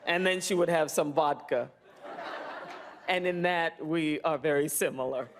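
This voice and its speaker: A woman in her fifties answering reporters' questions in a press room, earnest and reflective, pausing often to think. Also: sits low, slight background noise. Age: 50s. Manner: reflective, earnest, with thoughtful pauses and fillers. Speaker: award-winning actress answering press.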